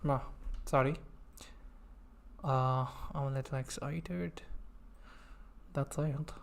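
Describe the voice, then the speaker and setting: A man in a casual live-stream chat, playful and self-mocking, apologizing often and trailing off into drawn-out fillers. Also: medium pitch, fairly even intonation, vocal fry.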